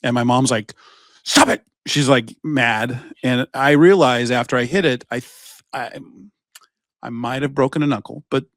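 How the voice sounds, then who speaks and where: A man's voice: medium pitch, fairly even intonation, moderate pace, no room sound. A man co-hosting a podcast in a studio, telling a rambling story in casual chat, with plenty of swearing. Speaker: podcast co-host.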